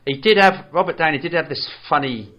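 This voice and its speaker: A man co-hosting a podcast, chatting casually about a film in a hesitant, rambling way with many pauses and fillers. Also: fairly high pitch, a bit bright. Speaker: podcast co-host. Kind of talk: casual film review chat.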